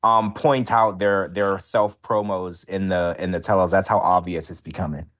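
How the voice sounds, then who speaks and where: A man co-hosting a casual podcast recap, chatty and animated, his voice jumping up high when excited. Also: moderate pace. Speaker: podcast co-host.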